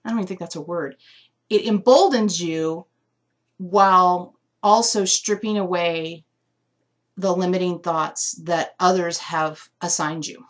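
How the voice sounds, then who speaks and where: A woman with a slightly low voice talks through an intuitive essential oil reading live. She muses aloud, trails off and restarts as she hunts for the right words. At times she sounds moved, close to tears. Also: a little slow. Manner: musing, searching for words with many fillers.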